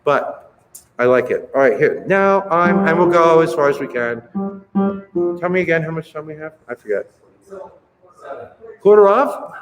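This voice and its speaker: A man's voice: a little high, lively intonation, normal speed, pauses often, lo-fi sound. A man conducting a choir rehearsal, counting beats aloud, encouraging the singers and singing bits to show them. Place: rehearsal hall. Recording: roomy rehearsal hall with music.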